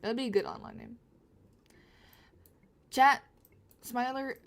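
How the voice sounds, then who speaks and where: A young woman draws on her livestream and chats in a fairly high voice, speaking slowly with long pauses. Her slight Southern US accent comes through as she rambles, giggles, and corrects herself.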